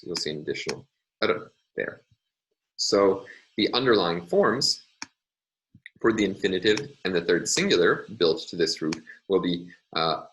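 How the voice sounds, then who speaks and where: A man lecturing on linguistics, explaining step by step with frequent fillers and pauses. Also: low-pitched, a bit bright, slight background noise, low-quality recording. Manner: hesitant, many fillers, deliberate explaining. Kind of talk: recorded lecture with worked examples.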